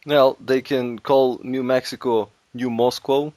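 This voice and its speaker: A man's voice: medium pitch, flat delivery, a little slow, darkish tone, dry recording. A man in casual comedic chat, joking, laughing often and stammering through restarts.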